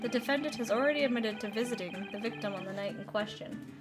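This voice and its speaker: Eager English male detective, as a woman puts him on, brisk witness delivery. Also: medium pitch, loud music behind the voice, close to an everyday voice. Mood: reporting.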